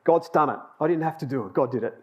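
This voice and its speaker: A man's voice: fairly high pitch, fast talker. A man giving a sermon, telling personal stories in a chatty way and laughing at himself. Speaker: lay preacher.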